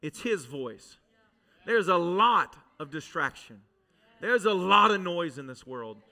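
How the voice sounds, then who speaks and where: A male pastor delivers a sermon in a high, piercingly bright voice. He tells a personal testimony with dramatic swings, pressing hard and loud, then dropping to a hushed intensity before the congregation. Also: big pitch swings, slow pace, creaky. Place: church service with a congregation.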